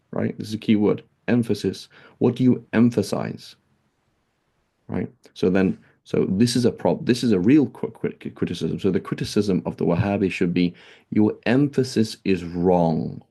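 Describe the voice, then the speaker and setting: An Islamic teacher gives a casual classroom lecture on religion, speaking conversationally with lots of fillers and rhetorical "right?" questions. His voice sits low, with vocal fry and a dark tone.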